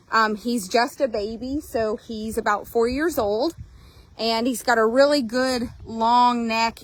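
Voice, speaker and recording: A woman's voice: fairly high pitch, no echo, poor audio. A woman talking viewers through a horse for sale outdoors at a trail course, chatty and upbeat, a little out of breath in the heat. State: hot and a bit out of breath. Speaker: horse seller and trainer. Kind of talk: casual sales walkthrough to viewers.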